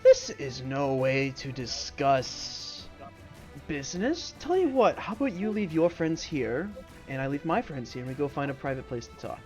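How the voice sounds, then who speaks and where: Sam Silverwood, a man doing a smooth ship captain. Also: medium pitch, sing-song, moderate pace, a little mellow, faint music behind, natural voice. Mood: persuasive. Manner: polite, negotiating. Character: smooth-talking male ship captain, businesslike. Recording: dull lo-fi sound.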